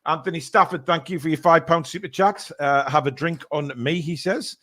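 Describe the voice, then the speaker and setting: Higher-voiced man hosting a live stream. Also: moderate pace, sharp tone. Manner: reads out donations with filler-heavy banter. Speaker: stream host. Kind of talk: casual live-stream chat.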